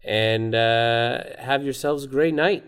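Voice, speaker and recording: Man, podcast host, casual chat, mid-pitched voice, rambling. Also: takes it slowly, clear, resonant tone. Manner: rambling, reads a review aloud.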